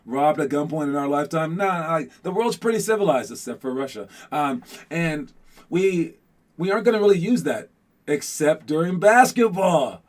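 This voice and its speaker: A man raised in Los Angeles hosts a casual motivational podcast talk, his voice a little high. He rambles in an animated way with lots of fillers.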